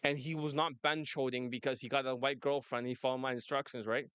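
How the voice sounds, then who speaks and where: Man, dating coach, brash rambling talk, smooth resonant voice, dry close sound. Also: mid-range voice, little pitch movement, a little fast, a bit bright, no room sound. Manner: brash, rambling, laughs often. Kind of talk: casual monologue and phone chat.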